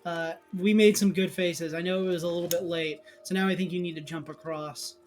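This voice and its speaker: A woman's voice: on the low side, steady tone, fairly quick, soft background music. A woman streaming a co-op game, chatting casually, laughing often and directing her partner through puzzles. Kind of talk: casual gameplay chat.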